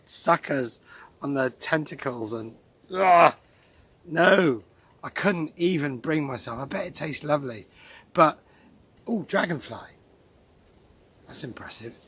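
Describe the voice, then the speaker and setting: A man's voice: medium pitch, a bit bright, breathy edge, no room sound. A man chatting casually in a rambling, self-deprecating monologue recorded outdoors in the countryside. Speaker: vlogger host.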